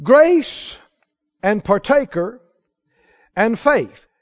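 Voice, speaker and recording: Very slow and sing-song, this pastor's high voice carries an emphatic sermon in which he keeps asking his listeners questions. It comes through on a dull, lo-fi recording.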